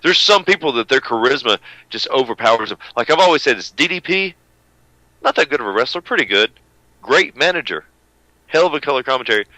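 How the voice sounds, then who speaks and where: A man's voice: medium pitch, lively intonation, a little fast, bright, forceful tone, no room sound, low-quality recording. Brash, profane man on radio. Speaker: radio show co-host. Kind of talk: casual uncensored radio banter.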